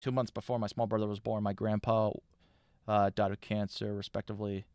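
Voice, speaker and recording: A man's voice: fairly low pitch, little pitch movement, fairly quick, a little mellow, smooth, no echo, clean studio sound. A man in his thirties hosting a live stream, chatting loosely and reacting with profane asides. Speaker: streamer host.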